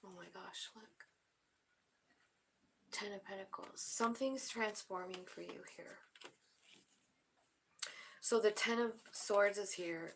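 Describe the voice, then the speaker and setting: A woman giving a spiritual tarot reading, soft-spoken and emotional, often dropping to a whisper. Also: medium pitch, steady tone, measured pace, long pauses, slight background noise, rough recording. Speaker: tarot reader.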